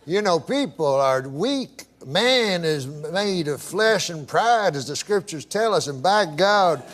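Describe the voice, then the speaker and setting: A man telling a long, meandering joke as a talk-show guest, in a deadpan, drawn-out way. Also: sits high.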